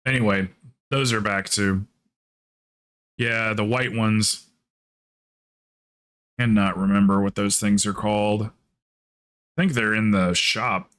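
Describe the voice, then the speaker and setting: A man's voice: fairly low pitch, takes it slowly, long pauses. Rambling, profane male game streamer. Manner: rambling and profane, with frequent laughs; animated, mimics others in quotes. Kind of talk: casual livestream chat while gaming.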